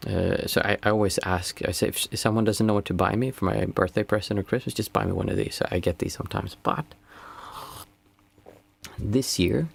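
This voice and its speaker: A man's voice: on the low side, gravelly, husky. A man, a meditation teacher chatting casually and reflectively with viewers on a livestream. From Sweden. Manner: unhurried, reflective, reads out chat messages.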